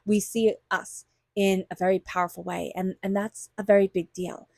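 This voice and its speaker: A woman's voice: mid-range voice, flat delivery, normal speed, creaky, a little mellow, dry recording, studio quality. A woman tarot reader giving a monthly reading straight to her viewers, chatty and enthusiastic, sometimes acting out little quoted voices.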